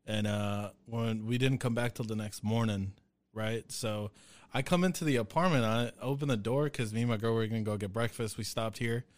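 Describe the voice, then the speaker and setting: A man's voice: fairly low pitch, fairly even intonation, normal speed, dry recording. A young man co-hosting a podcast, telling a story in a rambling, casual and profane way. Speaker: podcast co-host. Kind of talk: casual chat.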